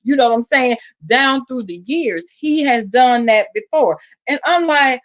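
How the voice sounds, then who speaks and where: Animated Southern woman spilling gossip. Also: measured pace, highs cut off. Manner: animated gossip, acts out quotes with big pitch jumps. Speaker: vlogger. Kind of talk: casual storytelling to viewers.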